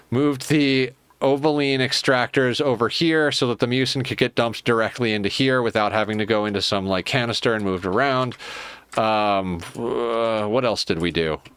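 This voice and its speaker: A man's voice: mid-range voice, a bit bright, smooth, no echo. A man streaming a colony-building game, talking to himself in a casual, muttering way as he plans and fixes things. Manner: muttering to himself while planning. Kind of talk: casual gameplay commentary.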